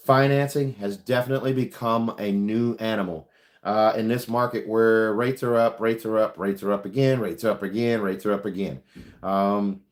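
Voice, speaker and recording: Rambling car salesman on a livestream. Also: fairly low pitch. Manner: rambling, many ums and uhs; frank, advice-giving. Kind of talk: casual livestream chat answering viewer questions.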